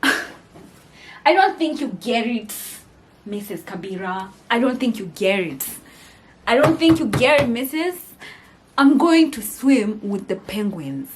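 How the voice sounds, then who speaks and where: A young Kenyan-accented vlogger tells a storytime vlog, animated and laughing while mixing English with Swahili slang. Her voice is medium in pitch, with a little hiss or hum.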